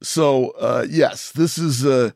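A man's voice: mid-range voice, slow, gravelly, a little mellow, no echo, studio quality. Wry male podcast host. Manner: wry, joking game-show patter. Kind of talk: casual podcast chat.

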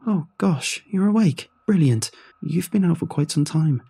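A man's voice: mid-range voice, animated, dark tone, husky, no room sound. Man doing a chirpy hospital nurse. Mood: brisk. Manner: brisk, chirpy, reassuring. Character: cheerful bustling woman nurse.

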